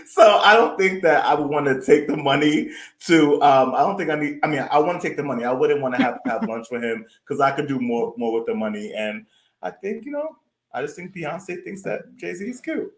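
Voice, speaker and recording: Lively, laughing man in an echoey room. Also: on the high side, brisk. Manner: laughing, easygoing, rambling. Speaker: podcast co-host. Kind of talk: casual chat. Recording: roomy echo.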